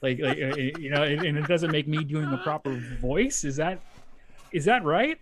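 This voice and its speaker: A man hosting a casual interview, laughing easily and thinking out loud as he asks questions. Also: fairly high pitch, moderate pace, crowd noise. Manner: laughs easily, thinks aloud while asking. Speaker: interview host.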